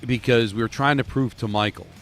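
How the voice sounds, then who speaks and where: A man's voice: medium pitch, fairly even intonation, fairly quick, a bit bright, faint music behind. A man co-hosting a sports radio show, blunt and opinionated as he argues a point.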